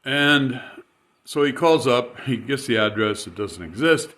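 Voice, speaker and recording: A man's voice: medium pitch, animated, a little slow, a bit bright. A man casually telling a rambling, chatty anecdote, chuckling as he goes. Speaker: storyteller.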